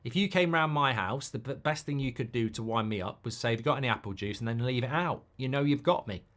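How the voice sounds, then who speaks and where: A man's voice: mid-range voice, a bit bright. A middle-aged man hosting a live football watchalong, chatting casually and ranting with plenty of swearing. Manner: ranting, sweary, quick to flare up at players. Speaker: host.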